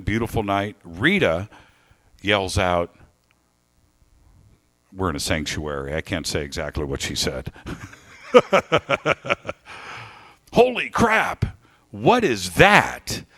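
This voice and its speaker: A man speaking live to an audience, telling a story with lively emphasis and thanking people. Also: on the low side. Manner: animated storytelling, warm thanks. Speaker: radio host giving a talk. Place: lecture hall with audience.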